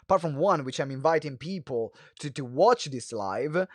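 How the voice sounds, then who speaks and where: A man teaching a live webinar as a speaking coach, talking quickly with many fillers and restarts and shifting his pace and pitch for emphasis. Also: animated, dry recording, clean studio sound. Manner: fast talker who varies pace and pitch; moves hands and head while talking.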